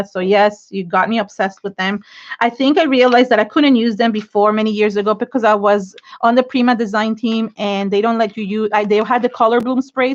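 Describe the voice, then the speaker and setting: A woman's voice: medium pitch, lo-fi sound. A middle-aged woman hosting an art journaling livestream, chatting casually and gushing with thanks to viewers, teary and close to crying. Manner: gushing, emotional, thanks viewers and keeps restarting sentences. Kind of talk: casual livestream chat while crafting.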